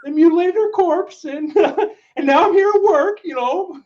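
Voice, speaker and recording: A man voicing a breathless, rambling male coworker who makes creepy excuses, in a high strained voice. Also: measured pace, dull audio.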